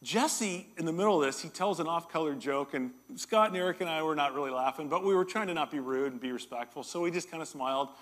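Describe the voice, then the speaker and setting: A middle-aged man preaching a sermon as a pastor, telling a story with animated energy and joking with his congregation. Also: a little high, quick pace, hardly any pauses. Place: church hall.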